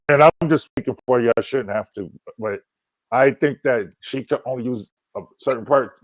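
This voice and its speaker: A man with a fairly low voice co-hosts a livestream, telling rambling stories in casual chat and restarting often. The audio is poor but has no echo.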